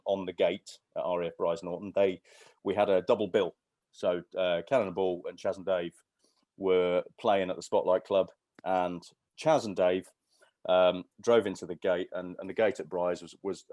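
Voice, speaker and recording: A podcast guest in his fifties spins casual stories, wandering off course with many restarts and fillers. His low-pitched voice has a darkish tone, with no echo on the recording.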